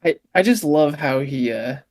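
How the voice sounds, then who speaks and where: A man's voice: fairly high pitch, animated, normal speed, a little mellow. A man co-hosting a podcast, chatting casually in a laid-back, joking way with frequent swearing. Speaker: podcast co-host. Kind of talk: casual chat.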